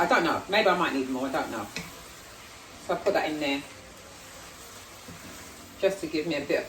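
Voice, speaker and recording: A woman from South London, with a London accent, chats casually and self-deprecatingly in her cooking vlog at home. Her voice is fairly low. Recorded far from the mic in an echoey home kitchen, it has background noise and the sizzle of food frying.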